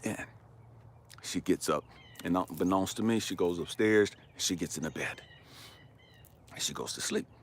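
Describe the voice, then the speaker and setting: A man who works as a life coach, telling an emotional personal story with passion. He swings between hushed and loud delivery and swears freely. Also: sits low, normal speed, pauses often, a little hiss or hum.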